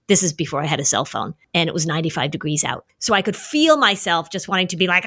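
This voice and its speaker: A woman's voice: lowish voice, quick pace, hardly any pauses, fairly bright tone. A middle-aged woman hosting a podcast, explaining family emotions in an earnest, conversational way and acting out stories from her life.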